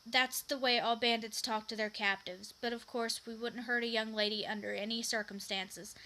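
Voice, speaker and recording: Proud storybook bandit chief, stern, bright-voiced woman reading. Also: on the high side, fairly even intonation, normal speed, poor audio. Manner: stumbles and repeats words. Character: fierce, proud male bandit leader.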